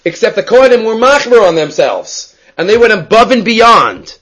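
A man teaching a Talmud class, telling its stories in animated English laced with Hebrew and Aramaic terms. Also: sits high, normal speed, rough recording.

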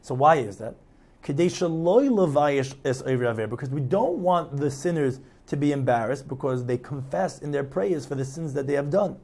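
Male Talmud lecturer, somewhat raised pitch, steady explanatory delivery. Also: moderate pace, vocal fry. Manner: reads Aramaic text then translates, explanatory. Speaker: Talmud teacher.

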